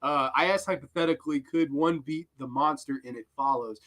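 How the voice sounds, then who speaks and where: A young man talks over a horror film for a live stream audience, rambling loosely and swearing freely. His voice is bright and sits a little high for a man, and he keeps breaking into laughter between thoughts. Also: brisk. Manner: rambling, profane, laughing often. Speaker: host.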